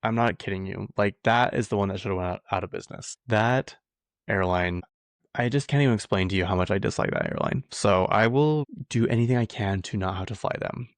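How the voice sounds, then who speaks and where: Chatty low-voiced man dishing gossip. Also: fairly quick, no echo. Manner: chatty, rambling, heavy use of "like". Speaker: podcast host. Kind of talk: casual pop-culture gossip chat.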